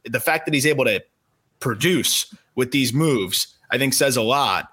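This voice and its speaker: Bright-voiced man breaking down swings. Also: mid-range voice, expressive, husky. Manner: quick, analytical, many restarts and fillers. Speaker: podcast co-host, prospect analyst. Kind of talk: casual analytical chat.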